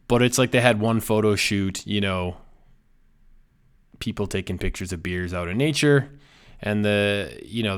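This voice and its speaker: A man's voice: fairly low pitch, clean tone. A man chatting casually about breweries, rambling with lots of fillers. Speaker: beer reviewer. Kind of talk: casual chat.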